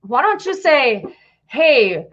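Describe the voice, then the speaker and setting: This is a woman talking casually as a podcast co-host. Her voice sits a little high and swings widely as she rambles and acts out what people say. The recording sounds dull and lo-fi. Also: big pitch swings, moderate pace, fairly bright tone. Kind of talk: casual chat.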